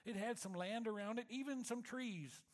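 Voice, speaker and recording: A man speaking to his church, telling a personal story in a reflective manner that slows and softens for emphasis. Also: very high-pitched. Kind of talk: storytelling sermon.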